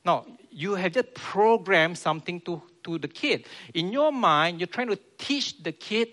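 A man's voice: high voice, animated, a little slow, bright, forceful tone. A man preaching a sermon in a church, earnest and repeating his key phrases.

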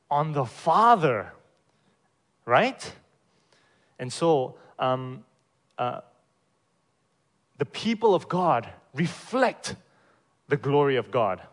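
Emphatic preacher man, rhetorical questions. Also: mid-range voice. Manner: loudness swings sharply between stressed and quiet phrases. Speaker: pastor. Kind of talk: sermon.

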